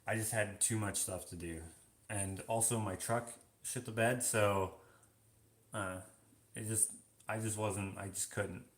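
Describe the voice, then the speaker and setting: A vlogger with a lowish, steady, fairly bright voice answers viewer questions on a live stream, reading comments aloud in an unhurried way. His replies are loose and full of filler, and the room gives off a noticeable echo.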